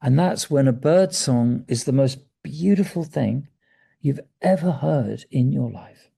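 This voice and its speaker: A man in his sixties speaking as a guest about breathwork, in a gentle, meandering way that sometimes drops to a soft near-whisper. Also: medium pitch, lively intonation, unhurried, vocal fry, husky. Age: 60s. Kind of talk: reflective conversational talk.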